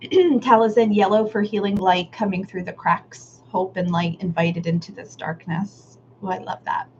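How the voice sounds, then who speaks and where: A woman's voice: mid-range voice, steady tone, moderate pace. A woman leading a live online art workshop, reading out participants' comments in a casual, affirming way, laughing often and sometimes swearing. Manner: warm, affirming, casual with Southern "y'all". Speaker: workshop facilitator. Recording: slightly dull live-stream audio with faint noise.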